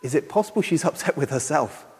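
A male preacher delivers a sermon with a slightly raised pitch. He speaks reflectively and asks question after question. His voice rings with the long reverb of a hall. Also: animated, fast talker, darkish tone, husky.

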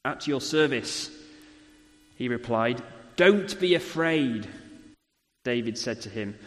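A man delivers a sermon in a relaxed, conversational manner, checking in with his listeners through frequent tag questions. His voice sits at an ordinary middle pitch. It carries a long reverb from the church hall where he speaks. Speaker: preacher.

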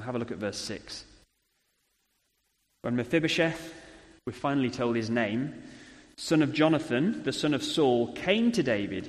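A man preaching a sermon in a conversational way, often ending points with tag questions, recorded. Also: fairly high pitch. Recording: long hall reverb.

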